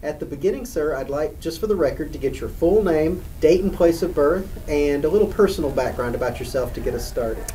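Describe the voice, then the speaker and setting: Distant, mellow-voiced male interviewer. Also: a little high, expressive, a little fast, hardly any pauses. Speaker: interviewer, museum curator. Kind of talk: oral history interview. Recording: distant mic with faint background hum.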